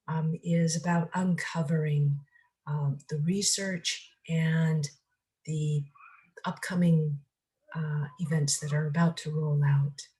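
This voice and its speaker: A woman hosting her own channel, talking casually and haltingly with many pauses and fillers. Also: low voice, fairly even intonation, mellow, poor audio. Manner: halting, many ums and uhs. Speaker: channel host. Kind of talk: casual spoken commentary.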